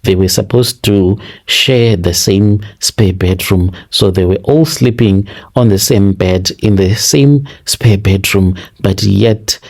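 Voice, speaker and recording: A man with a Zimbabwean accent narrating a listener's confession in the first person, in an earnest, deliberate retelling that repeats phrases. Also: fairly low pitch, darkish tone. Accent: Zimbabwean English.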